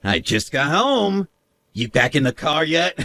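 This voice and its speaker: Brief: male voice as a cruel sneering husband, shouty and taunting, lively bright delivery. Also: fairly high pitch, dry recording, full character voice. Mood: gloating. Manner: sneering, mocking laughs, shouts. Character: smug cruel young husband, mocking and bossy. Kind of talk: animated story narration.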